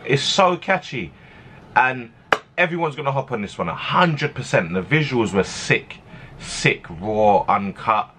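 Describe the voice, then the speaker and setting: A young man giving slangy, animated commentary as a reaction video host. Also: mid-range voice, measured pace, a little hiss or hum. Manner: animated, slangy, laughs easily.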